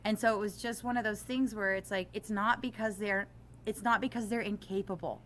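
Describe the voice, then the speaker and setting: A middle-aged woman teacher talking in an interview, animated and self-deprecating, growing impassioned as she makes her case. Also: mid-range voice, brisk, a little hiss or hum.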